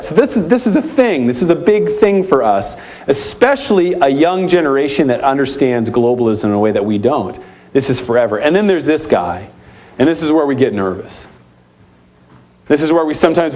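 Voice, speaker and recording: At a youth ministry conference, an American man gives a keynote in a conference center hall. His voice is a little high and somewhat dark in tone. He speaks emphatically, repeats his key points, and puts questions to the audience.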